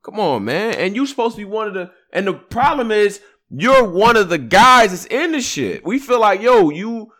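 A man talking on a casual podcast with heat and emphasis. He swears freely as he makes his points, and his pitch rises and falls in a lively way. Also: normal speed, few pauses. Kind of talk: casual chat.

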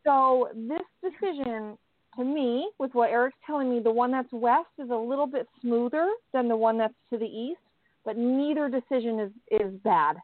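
A woman's voice: fairly high pitch, no echo. Woman psychic on a call-in show, stop-start way of talking, thin phone sound, tiny dead closet. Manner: halting, repeats words while relaying. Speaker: psychic medium. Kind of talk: relaying messages on a call-in radio show. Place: small closet. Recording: thin phone line, dry.

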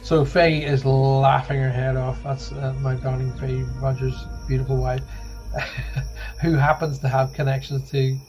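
A man's voice: medium pitch, flat delivery, measured pace, a little mellow, soft background music, rough recording. An Irish man from Ireland hosting a casual livestream as a psychic medium, chatting and reading out viewer comments in a rambling, reassuring way.

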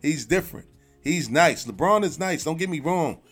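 Man co-host, fairly high voice, emphatic and argumentative, casual sports debate. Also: lively intonation, normal speed, a bit bright, breathy edge, faint music behind. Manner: emphatic, argumentative, repeats points.

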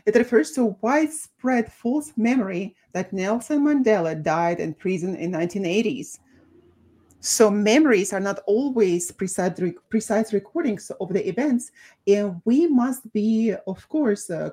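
A woman co-hosting a podcast, talking thoughtfully with many pauses and restarts. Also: medium pitch, expressive, dark tone, husky. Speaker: co-host, doctor. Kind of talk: casual podcast talk.

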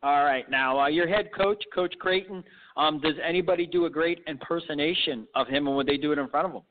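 A man hosting a sports interview, rushing through his enthusiastic, rambling questions at a fast clip. His voice comes through a thin, tinny phone line. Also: fairly high pitch. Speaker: podcast host.

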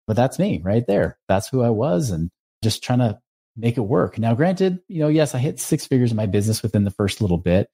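Earnest man telling his story, mellow voice. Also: mid-range voice, fairly quick, husky. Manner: earnest, animated retelling with acted-out dialogue. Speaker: podcast host. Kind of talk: personal storytelling monologue.

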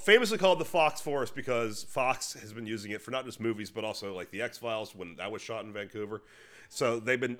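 A man's voice: on the low side, a bit bright. A man co-hosting a podcast, chatting casually about films, rambling with restarts and the odd swear word. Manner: rambling, many restarts and fillers, swears freely. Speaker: podcast co-host. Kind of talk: casual film review chat.

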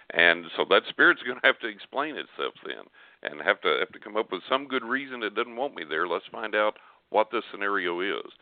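A man's voice: lowish voice, big pitch swings, fast, gravelly, dry recording. An older man telling a story as a guest on a call-in radio show, earnest and rambling, with frequent restarts. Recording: tinny phone line.

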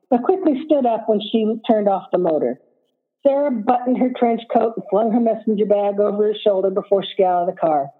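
Woman reading her own short story, husky and breathy, sounds like a phone line. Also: a little high.

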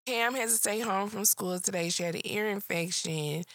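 A woman co-hosting a casual podcast chat, telling animated stories and acting out other people's voices. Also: medium pitch, normal speed, no echo, studio quality. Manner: animated storytelling with acted-out voices. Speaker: podcast co-host.

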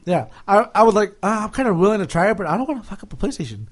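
Higher-voiced, scatterbrained man. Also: very animated, racing, a little hiss or hum. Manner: scattered, full of fillers and restarts. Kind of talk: casual chat.

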